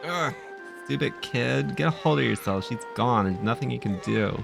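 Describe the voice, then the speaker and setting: A man's voice: mid-range voice, expressive, normal speed, gravelly, music in the background, voice pushed up. A man voicing a bossy, tough teenage girl pirate captain in a video game, talking in a brash, scornful way.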